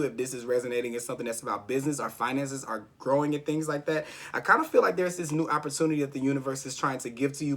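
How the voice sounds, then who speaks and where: A man's voice: medium pitch, fairly bright tone. A man giving a casual tarot reading, rambling and encouraging, often checking in with "okay?". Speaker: tarot reader.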